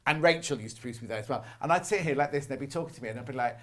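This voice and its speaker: A woman's voice: rumbling low, rapid-fire, fairly bright tone. A woman presenting a shopping channel craft show, asking lots of curious questions and chatting freely with her guest. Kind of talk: live TV craft show chat.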